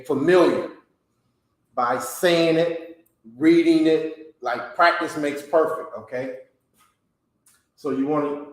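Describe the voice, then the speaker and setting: Male teacher, mid pitch, unhurried delivery that keeps asking "okay?", very echoey room. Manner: slow, repeats "okay?" after nearly every phrase. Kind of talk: classroom language lesson.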